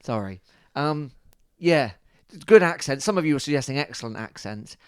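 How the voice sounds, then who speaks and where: A man's voice: mid-range voice, expressive, normal speed, clean tone, dry recording. Jokey male podcast co-host, dry sound. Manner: jokey, playful banter. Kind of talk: casual chat.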